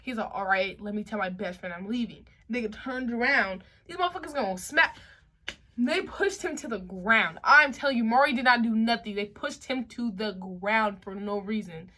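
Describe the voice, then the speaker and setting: A woman's voice: fairly high pitch, normal speed. A young woman vlogger telling a story in a casual, slangy way, acting out what people said. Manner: animated, slangy, acts out quotes.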